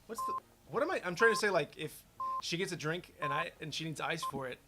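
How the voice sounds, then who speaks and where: A man's voice: on the high side, animated, quick pace. Young male streamer, playful and self-mocking, casual chat, keyboard clicks behind. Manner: joking, playful, laughs at himself. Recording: loud keyboard typing noise. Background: keyboard clicks and typing.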